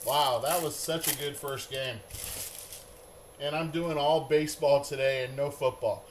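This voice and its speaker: Man, middle-aged, card break host, chatty and rambling, slightly high voice, unhurried. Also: fairly even intonation. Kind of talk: live-streamed card break chat.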